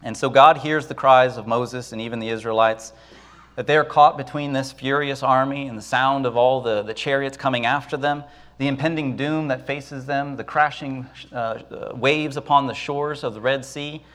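A man's voice: mid-range voice, fairly even intonation, fairly bright tone. A man preaching a sermon who acts out the voices of the people and Moses, with dramatic rises and drops. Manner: dramatic, acts out Israelites and Moses in quick asides.

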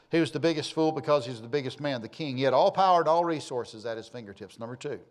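A man preaching a sermon, emphatic and fond of repeating his key phrases. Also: on the high side. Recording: long hall reverb.

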